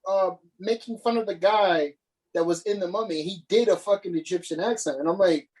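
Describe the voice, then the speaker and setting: A man's voice: high-pitched, fairly quick, a little mellow, slightly rough, poor audio. A man co-hosting a casual podcast, ranting with frequent swearing and restarts. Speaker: podcast co-host.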